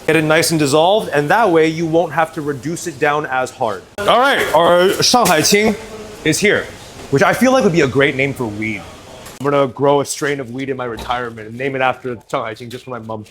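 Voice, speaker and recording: A man's voice: on the high side, fairly quick, fairly bright tone, a little hiss or hum. A man from northern China hosting a cooking video in a joking, chatty way, now and then slipping into Mandarin. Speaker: cooking channel host. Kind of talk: casual cooking commentary.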